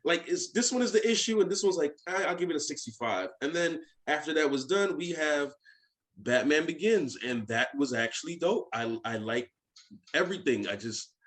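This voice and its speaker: A man's voice: on the high side, lively intonation, moderate pace, fairly bright tone. A man chatting casually as a podcast guest, joking and acting out little voices in his stories. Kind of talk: casual chat.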